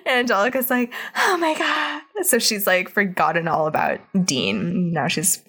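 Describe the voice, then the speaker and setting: Young woman, casual podcast chat, animated retelling, filler-heavy. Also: on the low side, normal speed. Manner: chatty, lots of "like", acts out characters' lines. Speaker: podcast co-host.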